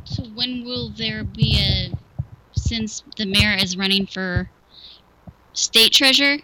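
A woman's voice: mid-range voice, takes it slowly, pushed and bright, a little hiss or hum, low-quality recording. A female radio co-host who talks in a hesitant, hedging way, full of "I mean"s. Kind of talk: local talk radio banter. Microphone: studio microphone.

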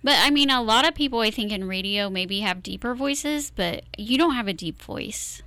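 Bright-voiced woman, short modest replies. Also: fairly high pitch, lively intonation, moderate pace, no echo. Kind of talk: casual on-air chat.

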